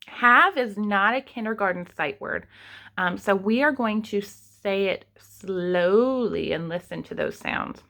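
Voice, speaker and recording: A young adult woman teaching an online kindergarten writing lesson, sounding out words slowly and patiently for young children. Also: medium pitch, fairly bright tone. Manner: slow, sounding out words step by step.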